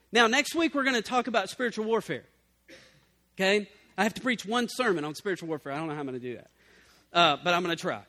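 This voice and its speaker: A man preaching a sermon as pastor, swinging from loud emphatic bursts to low, quiet passages.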